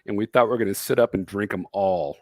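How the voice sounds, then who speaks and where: A man's voice: fairly low pitch, quick pace, darkish tone, no echo. A man co-hosting a casual livestream chat, telling a rambling story and laughing often. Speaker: co-host.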